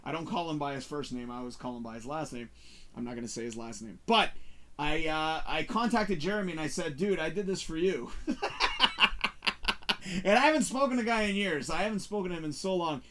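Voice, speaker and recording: A man hosting a casual talk show, chatting about movies in an animated, rambling way. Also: a little high, fairly quick, a little hiss or hum. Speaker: show host reviewing movies.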